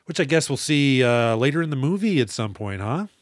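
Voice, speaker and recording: A man's voice: mid-range voice, sing-song, brisk, no echo, studio quality. Chatty man laughing through a podcast. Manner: chatty, laughs often, acts out characters' lines. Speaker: podcast co-host. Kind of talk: casual movie podcast chat.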